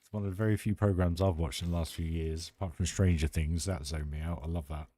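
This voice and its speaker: A man's voice: sits low, steady tone, quick pace, mellow, no room sound. A British man live-streaming a building game, chatting enthusiastically and rambling with restarts. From United Kingdom. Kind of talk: casual live-stream chat while building.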